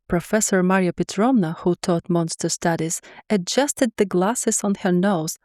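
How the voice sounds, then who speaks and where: A woman narrating a funny first-person fantasy story in a lively, wry way. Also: fairly low pitch, normal speed, hardly any pauses, no room sound, clean studio sound.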